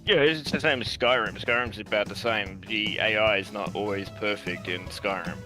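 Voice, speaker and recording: Laid-back Australian man, low voice. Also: normal speed, music in the background. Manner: relaxed, rambling, hesitant with many fillers. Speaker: guest on a stream. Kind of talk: casual gaming chat. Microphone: voice chat call.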